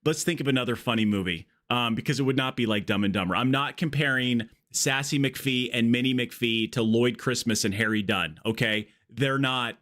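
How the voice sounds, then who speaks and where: A man's voice: mid-range voice, normal speed, few pauses, a bit bright. Rambling joking male game streamer. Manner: rambling, joking, goes off on tangents. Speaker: livestream gaming host. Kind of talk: casual live gameplay chat. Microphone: earbud mic.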